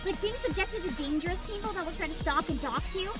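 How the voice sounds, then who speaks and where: A woman streamer in casual commentary, animated and laughing, with profane ranting. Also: very high voice, fast, over loud music. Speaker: VTuber streamer.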